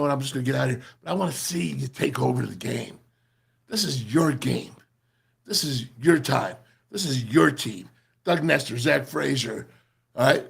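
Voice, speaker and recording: A man's voice: mid-range voice, creaky, husky. A man hosting a sports radio show, giving an emphatic, fired-up talk that keeps repeating itself and calls everyone man and brother.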